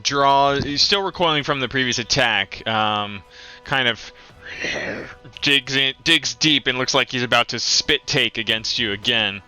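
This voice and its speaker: A man's voice: medium pitch, unhurried, pushed and bright, smooth, soft background music. A man running a tabletop game as dungeon master, narrating with many ums and uhs.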